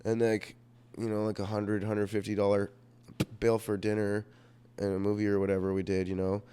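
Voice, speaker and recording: A man's voice: lowish voice, monotone, normal speed, mellow, clean tone. A young man telling a rambling personal story in a vlog, profane and self-mocking, full of fillers, and sick. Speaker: vlogger.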